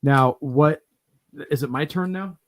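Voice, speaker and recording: A podcast host chats loosely on a casual talk show, rambling with lots of fillers and restarts. His voice is a little high, and he speaks a little slowly.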